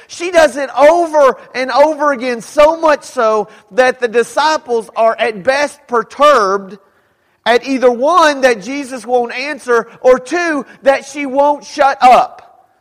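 A pastor preaches to his congregation in a very high, slow voice, lingering over each phrase. He turns dramatic, climbing to shouts as he acts out the people in the story. His words ring through a church hall with a long reverb tail. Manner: dramatic, rising to shouts when quoting. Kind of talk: sermon.

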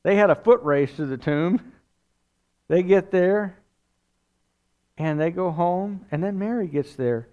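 A man's voice: high voice, takes it slowly, long pauses, clear, resonant tone, muffled recording. Resonant, conversational male preacher. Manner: conversational, animated storytelling with asides. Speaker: pastor. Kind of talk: sermon.

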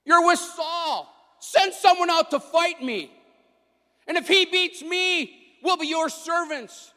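A man's voice: sits high, big pitch swings, slow, gravelly, pushed and bright, full character voice. A man voicing a huge, boastful giant warrior who bellows defiant taunts. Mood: taunting. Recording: echoey hall.

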